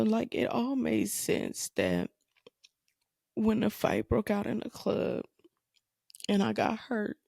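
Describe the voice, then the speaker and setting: Slow, gravelly woman telling a tearful story. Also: mid-range voice, mellow, no room sound, clean studio sound. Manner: halting, repeats phrases, emotional. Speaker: podcast host. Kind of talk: personal storytelling.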